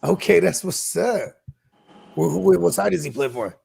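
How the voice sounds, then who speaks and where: A man with a fairly high, gravelly voice that swings widely in pitch. He chats casually on a podcast and tells stories in a slangy, animated style. His tone has a husky edge. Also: moderate pace. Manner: animated storytelling, slangy, laughs often. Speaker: podcast co-host. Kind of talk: casual chat.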